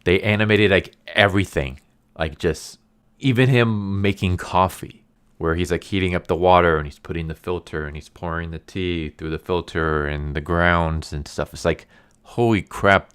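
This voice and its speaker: A man with a low, smooth voice talks through an anime episode in a loose, chatty way. He rambles, says "like" constantly and sounds easily amused. The feel is an offhand video review. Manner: chatty and rambling, heavy use of "like". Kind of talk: casual episode recap and review.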